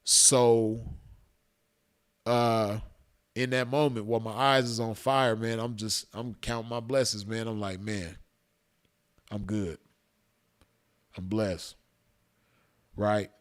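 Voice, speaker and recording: Slow-talking man telling a story casually. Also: medium pitch, steady tone, smooth. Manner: laid-back, slangy, cursing, breaks into laughter.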